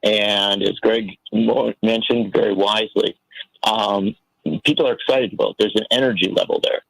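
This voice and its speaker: A man's voice: on the low side, steady tone, normal speed, gravelly, fairly bright tone, no room sound, rough recording. A man giving earnest, impassioned political commentary as a guest on a talk radio show, telling a story to make his point. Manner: earnest, impassioned, tells stories.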